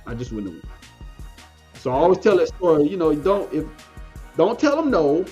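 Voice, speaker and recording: A man's voice: on the high side, big pitch swings, moderate pace, mellow, husky, soft background music. A man, a podcast guest telling a story in casual talk, often restarting and repeating phrases.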